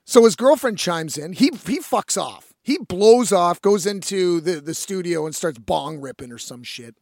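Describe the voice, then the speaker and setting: Young man, high voice, lively swooping pitch, profane casual storytelling, musician. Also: unhurried, creaky, dry recording, clean studio sound. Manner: animated, swearing freely, addresses listeners as folks. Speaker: independent musician.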